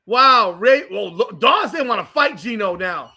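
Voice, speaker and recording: A man's voice: high-pitched, animated, a little slow, creaky, sharp tone. A man from South Florida hosting a live watch-party podcast, ranting profanely and heatedly over the game. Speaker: podcast host.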